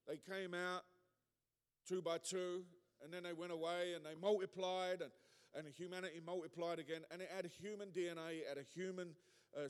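A man with a high voice preaches a sermon, punching key words and building to loud peaks. He keeps turning to the congregation with asides and questions. His voice rings out with a long reverb in a large church hall.

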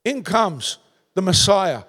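A man from London with a strong Cockney accent, preaching a sermon in animated storytelling style and calling out to the crowd. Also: high voice, slow, husky. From London, England. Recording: long hall reverb.

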